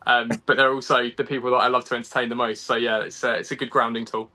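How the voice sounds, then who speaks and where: A man's voice: medium pitch, level tone, fast talker, sharp tone. A young man from England with an English accent, a guest chatting casually in an interview over a video call, laughing often and full of ums and restarts.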